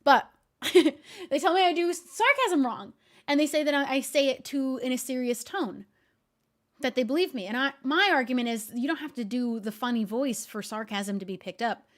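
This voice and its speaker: A young woman streamer chatting casually with her viewers, laughing often and talking in a deadpan way. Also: sits high, brisk. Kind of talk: casual chat.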